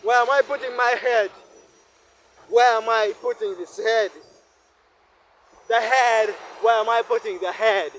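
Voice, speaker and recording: A man's voice: very high voice, fairly even intonation, a little slow, pauses often, fairly bright tone. A Ugandan man vlogging while walking a rainy city street, musing aloud and asking himself questions over and over. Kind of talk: reflective walking vlog monologue. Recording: faint street and traffic noise.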